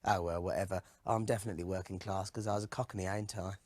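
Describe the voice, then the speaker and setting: In a comedy sketch interview, a man portrays a boastful, dim-witted pop singer who fakes a cockney manner. He talks quickly with lively, sing-song swings in pitch, captured in clean studio sound with no echo.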